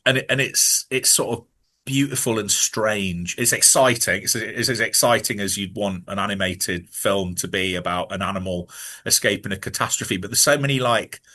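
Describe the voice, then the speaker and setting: Brief: male podcast co-host, lowish bright voice, halting and full of restarts. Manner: rambling, halting with many restarts. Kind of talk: casual film chat.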